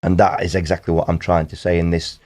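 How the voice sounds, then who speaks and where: A man's voice: deep voice, monotone, fast, darkish tone. A middle-aged man from Nottinghamshire with a Nottinghamshire accent, chatting on a podcast and telling rambling stories. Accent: Nottinghamshire English. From Nottinghamshire, England. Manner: rambling storyteller, laughs often. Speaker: band guest. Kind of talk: casual podcast chat.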